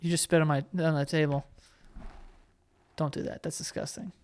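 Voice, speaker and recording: A man's voice: fairly high pitch, flat delivery, moderate pace, clean tone. A man co-hosting a podcast in casual banter, loose and joking, swearing freely. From Italian-American family. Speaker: podcast co-host.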